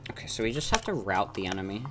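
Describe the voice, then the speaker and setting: Streamer, teasing, very lively pitch, voice-call mic. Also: fast talker, over music. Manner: animated, teasing. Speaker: streamer playing the game. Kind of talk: casual group chat over a voice call.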